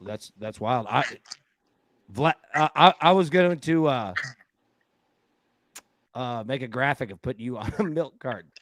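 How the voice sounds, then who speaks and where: A man's voice: mid-range voice, unhurried, long pauses, dry recording. A man hosting a live sports betting stream, chatting casually, joking and laughing often. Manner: laughs often, loose and joking, quotes film lines. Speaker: sports betting show host.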